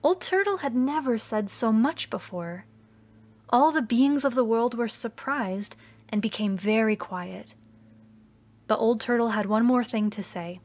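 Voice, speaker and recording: Woman, storyteller, slow, gentle, expressive, worship service reading. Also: fairly high pitch. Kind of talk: reading a children's story aloud.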